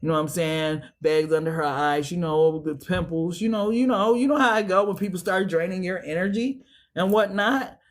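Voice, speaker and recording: A man's voice: sits high, moderate pace. A man giving a casual tarot reading and talking straight to the viewer in slangy, profane, chatty speech. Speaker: tarot reader.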